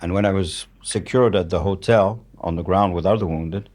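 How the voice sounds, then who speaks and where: Older french guy, really low voice, french accent, blunt storyteller, swears a lot. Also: normal speed, darkish tone. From France. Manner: blunt, matter-of-fact, swears freely. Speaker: guest, war journalist. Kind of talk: candid storytelling in conversation.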